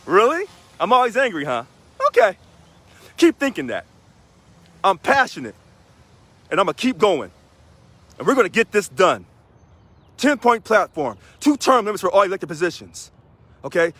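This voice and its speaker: Man from Missouri, union president, emphatic repetition, lively swooping voice, high. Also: normal speed, pauses often, no room sound. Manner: emphatic, repeats key phrases. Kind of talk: energetic video address to union members.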